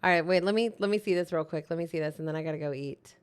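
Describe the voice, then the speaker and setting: A woman with a lowish, clear, resonant voice hosts a live co-working stream, talking at a racing pace. She chats casually and reacts eagerly to messages from her viewers.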